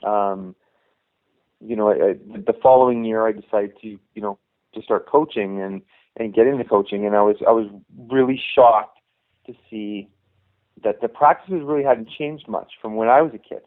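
A man's voice: lowish voice, normal speed. A middle-aged man and youth hockey coach, telling rambling anecdotes in a casual interview and acting out the dialogue he quotes. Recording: tinny phone line.

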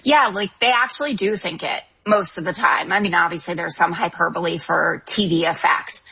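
Bright, husky-voiced woman commentator. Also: fairly low pitch, moderate pace. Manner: articulate and assertive, frequent "um" fillers. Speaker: guest author and TV political commentator. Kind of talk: call-in interview answers. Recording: dull lo-fi broadcast audio.

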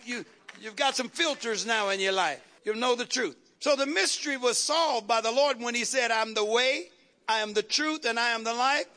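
A man preaching a call-and-response sermon, building rhythmic repeated lines into shouted refrains. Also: extremely high pitch, normal speed.

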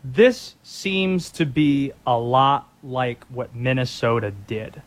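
A man's voice: mid-range voice, expressive, takes it slowly. A man hosting a sports talk show, teasing his co-host and setting up topics. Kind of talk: sports talk radio banter.

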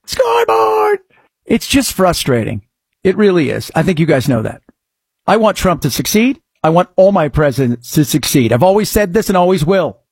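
Man, show host, sarcastic political commentary, high lively voice, husky. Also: moderate pace, dry recording, clean studio sound. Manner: sarcastic, mock-shouting outbursts.

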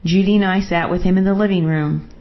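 A woman narrating a first-person story in a steady, measured reading, in a dull lo-fi recording. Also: lowish voice.

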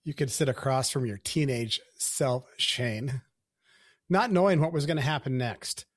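A man hosts an interview, asking his guest calm, prompting questions. His voice sits at a middle pitch and is recorded dry, with no room echo. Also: unhurried.

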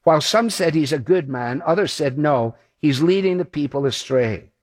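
A man's voice: a little high, expressive, moderate pace. A man preaching a sermon, walking through a Bible passage in a conversational way and acting out the quoted voices.

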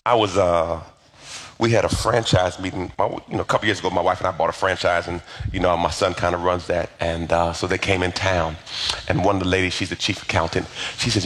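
A man preaching a sermon as pastor, in a lively conversational way with call-and-response to the congregation. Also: fairly low pitch, moderate pace. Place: church sanctuary. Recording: echoey hall with faint music.

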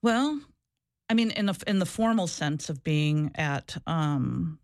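A low-pitched, expressive woman speaks slowly and a little mellowly as an interview guest who used to be a social worker. Earnest and reflective, she talks candidly and often restarts and repeats herself, in studio-quality audio with no room sound.

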